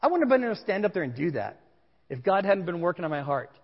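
A man's voice: sits high, very animated, fast. A male pastor giving a sermon to a congregation, telling a candid personal story in a conversational way. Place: large room with a congregation. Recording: dull sound with long hall reverb.

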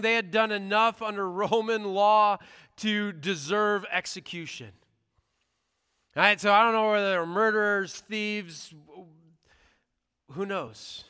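A male pastor with a high, bright voice delivers a conversational but earnest sermon. His tone stays clean and smooth, and a long hall reverb rings around it in the church sanctuary.

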